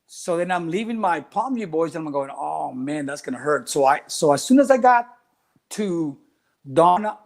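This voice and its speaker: A man's voice: a little high, moderate pace, gravelly. A middle-aged man, a coach telling stories in a casual interview and acting out the voices of the people in them. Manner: animated, acts out quoted voices, mixes in Spanish phrases. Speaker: track and cross country coach.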